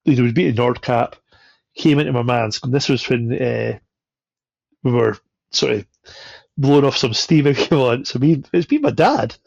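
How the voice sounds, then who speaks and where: A man's voice: mid-range voice, normal speed, vocal fry, long pauses, darkish tone, no echo. A man on a podcast, telling a travel anecdote with swearing and laughter. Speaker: podcast guest. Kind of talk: casual storytelling. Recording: dull, lo-fi sound.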